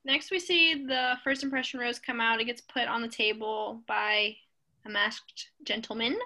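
A woman co-hosting a podcast, recapping a TV show in an opinionated, animated casual chat. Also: fairly high pitch, moderate pace, rough recording. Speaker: podcast co-host.

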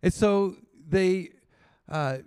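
A man preaching a sermon as pastor, telling a story with lively acted-out voices and dropping to quiet emphasis on key points. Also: very slow, clean tone. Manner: storytelling, acts out quoted voices with rising pitch.

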